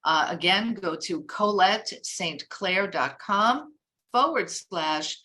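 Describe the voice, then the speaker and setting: A woman hosts a call-in show with an upbeat, affirming manner. Her voice is bright and forceful, sitting on the lower side. She moves briskly between guests and callers. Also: lively intonation. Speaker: host. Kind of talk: live call-in show hosting.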